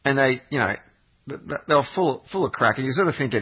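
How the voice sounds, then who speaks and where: Guy rambling thru a trip story, swears a lot, ums everywhere, kinda husky voice, lo-fi muffled audio. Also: medium pitch, animated, fast. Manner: meandering storytelling, sweary, frequent fillers and restarts. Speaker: podcast regular. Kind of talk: rambling anecdotal chat.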